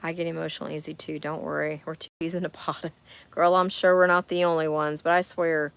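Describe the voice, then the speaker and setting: A woman in her 40s keeps up a brisk, chatty livestream from a camper on a camping trip, reading viewer comments and talking directly to her audience. Her low voice is smooth but carries vocal fry, with a level tone.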